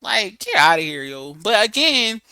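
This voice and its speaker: A young woman hosting a casual livestream, sassy and emphatic, chatting with viewers and softly reading out their comments. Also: medium pitch, sing-song, unhurried, no echo. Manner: drops to a soft murmur reading viewer comments. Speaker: livestream host reading chat.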